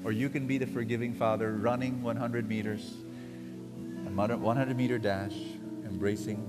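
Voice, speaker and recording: A man's voice: on the low side, steady tone, normal speed. A man preaching a sermon to a congregation, often calling out to the crowd for responses. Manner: calls out to the audience for responses. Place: large hall before a congregation. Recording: long hall reverb with guitar music behind.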